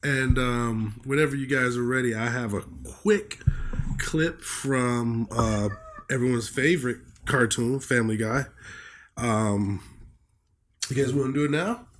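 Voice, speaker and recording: A man hosting a casual podcast chat, jokey and quick to laugh. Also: mid-range voice, slight background noise. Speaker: podcast host.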